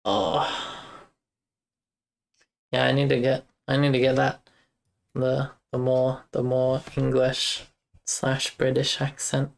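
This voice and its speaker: A young streamer talks through code in a loose, rambling way, breaking off to chat with viewers. The voice stays flat and even, with a gravelly fry underneath. The talk is relaxed and unscripted, live game-dev stream chatter. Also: medium pitch, slow pace, pauses often. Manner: rambling, thinks aloud, chats with viewers. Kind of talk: casual live-stream chat while coding.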